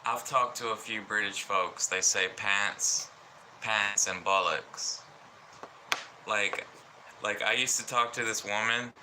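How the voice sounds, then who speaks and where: A man from Alabama with a Southern US accent, rambling slowly through a casual livestream chat with lots of fillers. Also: on the low side, steady tone, sharp tone, a little hiss or hum, rough recording.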